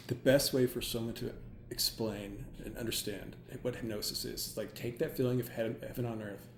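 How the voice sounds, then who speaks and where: A man who works as a hypnotherapist, chatting casually and excitedly, rambling with many "like"s. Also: medium pitch, moderate pace, gravelly. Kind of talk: casual chat. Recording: roomy with faint ambient noise.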